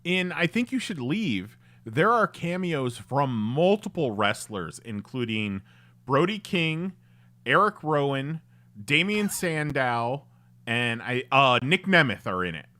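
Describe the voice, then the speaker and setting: A man's voice: medium pitch, big pitch swings, takes it slowly, pushed and bright, dry recording. A man co-hosting a podcast in casual chat, chatty and reeling off facts. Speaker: podcast co-host.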